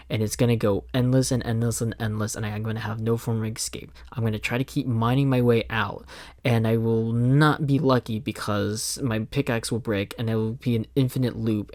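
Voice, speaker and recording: A man's voice: mid-range voice, dry recording, studio quality. A young man talking casually while playing a survival game, rambling in loose thoughts and swearing when startled. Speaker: gaming video creator. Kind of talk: casual gameplay commentary.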